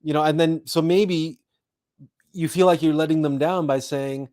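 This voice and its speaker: A man hosts a live spiritual talk in a mid-range voice, neither high nor low. He moves slowly and meditatively, with soft pauses. He repeats his phrases as he leads listeners through a calm visualization.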